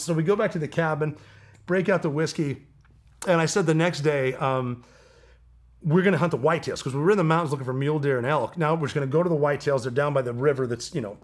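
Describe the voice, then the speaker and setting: Guy telling a wild hunting story, kinda high voice, laughs a lot and acts out what people said. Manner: animated storyteller, laughs often, mimics people in quotes. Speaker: guest. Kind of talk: storytelling in a casual interview.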